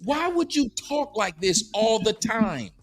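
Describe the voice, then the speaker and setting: A middle-aged man hosting a podcast, arguing in a preachy, mocking, animated way. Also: sits high, slow pace, soft background music. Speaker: podcast host. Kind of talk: heated casual debate. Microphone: studio mic.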